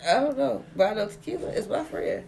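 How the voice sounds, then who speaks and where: A woman's voice: on the high side, animated, a little fast, gravelly, over a noisy crowd. A woman co-hosting a podcast in casual chat, joking and playful, laughing often. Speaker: podcast co-host. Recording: loud hiss and clicks.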